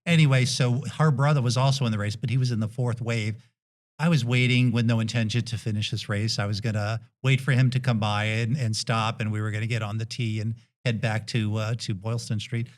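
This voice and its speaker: A middle-aged man with a Brooklyn accent, a podcast guest telling a story in a relaxed, gentle way with many hesitations. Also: medium pitch, brisk. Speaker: guest dentist and endurance athlete.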